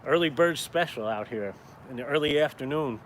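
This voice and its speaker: A man's voice: mid-range voice, normal speed. Man, caricature artist, casual live-stream chat, rambling, outdoors, faint street noise. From upstate New York. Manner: rambling, chatty, swears casually. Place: outdoors in town, cold.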